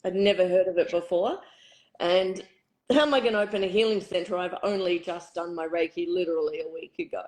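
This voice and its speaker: A middle-aged woman with a hoarse, husky voice, a spiritual retreat facilitator telling her story candidly in an interview. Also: on the low side, fairly quick, a little mellow, low-quality recording. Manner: candid, reflective, uses fillers. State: hoarse, croaky throat.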